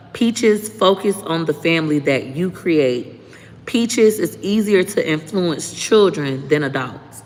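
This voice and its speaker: A woman, hosting a livestream and giving frank, profane, lively life advice. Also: low-pitched. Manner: frank, profane, animated storytelling. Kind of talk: casual livestream chat. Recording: long reverb, faint background noise.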